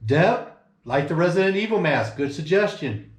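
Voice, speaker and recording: A man co-hosting a radio show in playful, joking banter, quick to laugh. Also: a little high, animated. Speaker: radio co-host. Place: radio studio. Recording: roomy studio.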